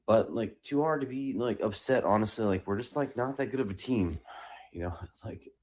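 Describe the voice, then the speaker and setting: A man's voice: fairly low pitch, moderate pace, darkish tone. A man calling in to a podcast, rambling casually with many fillers. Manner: rambling, full of "like" and "you know". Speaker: caller. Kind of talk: casual call-in chat.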